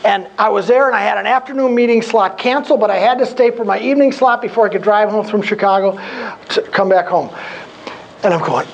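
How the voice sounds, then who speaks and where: A man's voice: high-pitched, fairly quick, gravelly, lo-fi sound. A man in his fifties giving a humorous workshop talk to a career group, telling stories and acting out his own past conversations. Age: 50s. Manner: animated storyteller who acts out his own past dialogue. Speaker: guest speaker at a career group.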